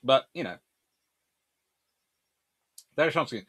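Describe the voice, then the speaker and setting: A man hosting a live-stream history talk, reading out chat questions and answering with animated asides. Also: medium pitch. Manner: animated, quick asides and laughs. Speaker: naval historian host.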